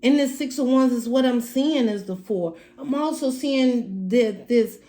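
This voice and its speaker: A woman's voice: a little high, unhurried, dark tone, roomy sound. A woman giving a casual tarot reading to camera at home, speaking emphatically and repeating herself as she addresses the viewer directly. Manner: emphatic, repetitive, talks straight to the viewer. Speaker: tarot reader. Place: room at home.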